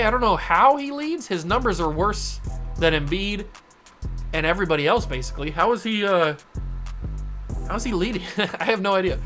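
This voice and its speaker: A young man talks casually over his basketball video game and slips into play-by-play, shouting when a big play lands. His voice sits a little high. Faint music plays in the background. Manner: excited play-by-play with bursts of shouting. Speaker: gaming channel host.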